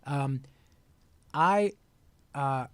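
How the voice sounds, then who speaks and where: A man in his sixties, a voice actor telling lively stories in an interview. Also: medium pitch, extremely slow, clean tone, no room sound. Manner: lively, breaks into sung lines and quoted voices. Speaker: guest voice actor. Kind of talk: animated interview storytelling.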